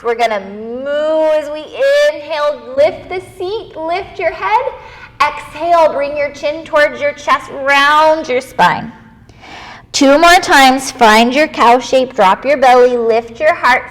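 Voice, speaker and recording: A woman leading a children's yoga class, gentle and playful, encouraging the kids and making animal noises. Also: high-pitched, slow, long reverb tail.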